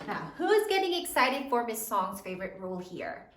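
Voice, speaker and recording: A woman's voice: a little high, big pitch swings, normal speed, far from the mic, slight background noise. A woman teaching a third grade spelling lesson, sounding out words letter by letter in a sing-song way. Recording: echoey room, voice off-mic.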